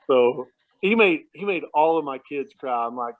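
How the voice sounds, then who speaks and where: A man's voice: mid-range voice, animated, a little slow, long pauses. A man casually telling family stories on a phone call, chuckling often and restarting his sentences as he rambles. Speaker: relative sharing memories at a family remembrance. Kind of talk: casual anecdotal storytelling. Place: at home at night. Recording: tinny phone line.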